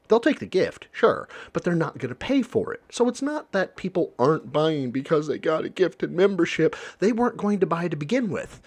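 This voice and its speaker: A man giving blunt, sarcastic reaction commentary, lecturing with profanity. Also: a little high.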